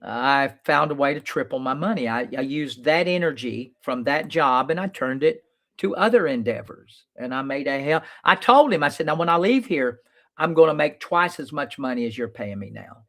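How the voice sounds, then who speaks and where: A man's voice: mid-range voice, expressive, moderate pace, gravelly, a bit bright. A man, a lawyer hosting his own show, talking casually to viewers in a blunt, plain-spoken way, swearing freely and telling stories. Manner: storytelling, reenacts his own past lines.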